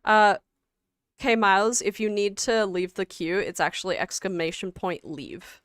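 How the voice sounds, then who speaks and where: A woman co-hosting a game livestream in casual chat, halting and full of fillers and restarts. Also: medium pitch, a bit bright, clean tone, dry recording, studio quality. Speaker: stream co-host.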